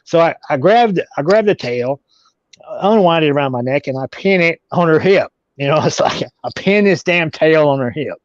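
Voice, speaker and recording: Male guest, halting storyteller, somewhat high-pitched, muffled dry recording. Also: expressive, no room sound. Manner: halting, repeats words and restarts. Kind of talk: casual storytelling. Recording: dull, dry audio.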